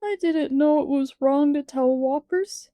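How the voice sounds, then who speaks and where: A woman reading aloud gives voice to an impish six-year-old boy in a storybook. He speaks high and pleading, between sobs, with childish slang, in a close, dry sound. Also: normal speed, warm tone, no echo, lightly acted. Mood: sobbing.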